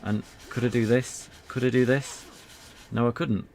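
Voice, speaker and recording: A man's voice: medium pitch, fairly even intonation, normal speed, creaky, a little mellow, slight background noise. A man streaming an old adventure game, chatting casually in a rambling, self-deprecating way. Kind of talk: casual gameplay commentary.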